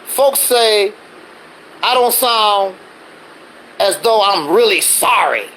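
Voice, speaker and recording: High-voiced, animated ranting man. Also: slow, a little hiss or hum, poor audio. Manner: defensive, ranting, rhetorical questions. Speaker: livestreaming channel host. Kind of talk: casual livestream monologue.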